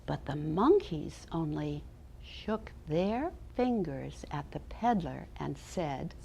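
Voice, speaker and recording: A woman's voice: sits low, animated, slow pace, vocal fry, a little hiss or hum. A woman educator giving a dramatic storybook reading, then talking about teaching. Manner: dramatic, with hushed and loud turns. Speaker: early childhood educator.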